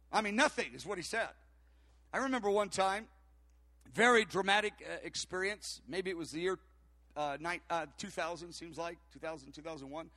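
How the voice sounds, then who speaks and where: Bright, high-voiced male preacher telling stories. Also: no echo. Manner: animated, rambling anecdotes with many fillers and restarts. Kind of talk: storytelling sermon.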